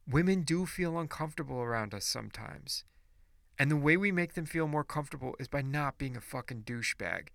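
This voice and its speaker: A man's voice: a little high, expressive, fairly quick, vocal fry, fairly bright tone, no echo, studio quality. A man ranting in a casual monologue podcast, blunt and profane, preachy and rambling with restarts.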